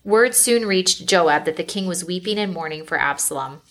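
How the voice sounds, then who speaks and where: Woman reading scripture aloud, low voice. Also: expressive, normal speed, creaky. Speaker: Bible reader.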